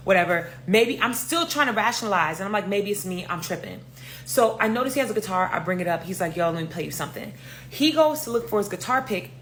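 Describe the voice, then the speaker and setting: Young woman, New York accent, casual storytime, animated and blunt, mid-pitched voice, faint hum behind. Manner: animated, swears freely, acts out voices.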